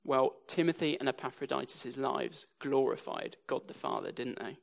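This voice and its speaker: Gravelly English preacher with dry humour. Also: male voice, medium pitch, moderate pace. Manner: dry humour woven into storytelling. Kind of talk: sermon.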